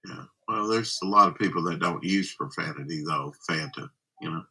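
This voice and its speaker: Low husky-voiced man chatting. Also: moderate pace, sharp tone, low-quality recording. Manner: rambling, musing with many fillers. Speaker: live stream host. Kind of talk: casual chat, reading out viewer comments.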